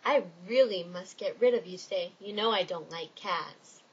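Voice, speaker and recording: A woman's voice: mid-range voice, breathy edge, muffled recording, natural voice. A woman doing a grumpy old cat-hating man. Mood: grumbling. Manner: slow, grumbling, huffy. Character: grumpy older man who claims to dislike cats.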